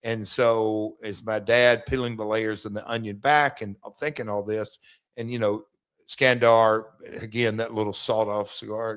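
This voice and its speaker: A middle-aged former wrestler who now hosts a podcast chat show speaks with a lowish, steady, slightly bright voice at a moderate pace. His casual stories ramble, full of stammers and restarts.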